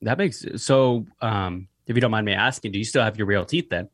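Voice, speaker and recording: A man's voice: on the low side, brisk, dry recording, studio quality. A young man, a guest on a podcast, chatting in a loose, rambling way with lots of fillers and the odd curse word. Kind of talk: casual podcast conversation.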